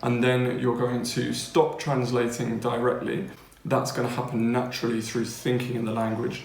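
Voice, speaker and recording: An English man talks through a language lesson in a relaxed, chatty way, checking in with his listeners every few sentences. His voice has a gravelly edge and sits at a middling pitch. The room around him rings with noticeable echo. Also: a little hiss or hum. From England. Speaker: language-learning teacher. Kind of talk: casual spoken lesson.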